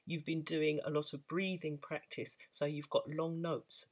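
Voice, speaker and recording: A woman's voice: sits low, level tone, unhurried. A woman teaching beginners the saxophone, patient and encouraging as she explains step by step. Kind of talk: instructional talk to camera.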